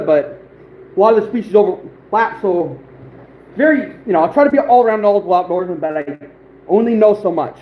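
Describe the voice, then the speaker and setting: A man's voice: high-pitched, narrow, tinny audio. A man hosting an outdoors livestream, chatting casually and rambling with many fillers as he talks to viewers. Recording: roomy echo, faint background noise.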